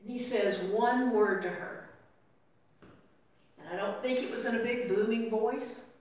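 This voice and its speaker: An older woman preaching a sermon as pastor, telling the story and voicing its people softly. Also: a little high, a little slow. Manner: storytelling, acting out voices softly in quotes. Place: church sanctuary. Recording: very echoey room, voice from far off.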